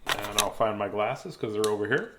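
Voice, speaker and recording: A man's voice: lowish voice, normal speed, fairly bright tone. A man in his fifties reading a children's book aloud on his show, chatty and prone to rambling asides. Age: 50s. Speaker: host reading children's books. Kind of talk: casual live read-aloud.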